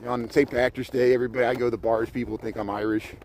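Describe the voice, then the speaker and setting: An American man talks loosely and digresses as he walks outside, his voice at an ordinary middle pitch. He sounds like he is livestreaming from a handheld phone. A faint hum of traffic sits behind him. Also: flat delivery, fast, a little mellow. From United States. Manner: chatty, digressive, talks while walking. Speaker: vlogger livestreaming a city walk. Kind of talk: rambling casual livestream chat. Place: outdoors on winter city streets and paths.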